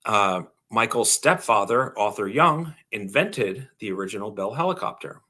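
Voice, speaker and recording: A man's voice: lowish voice, animated, normal speed, sharp tone. A man co-hosting a casual podcast, reading a bio aloud with lots of ums, uhs and restarts. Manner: reads aloud with frequent fillers and restarts. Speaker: podcast co-host.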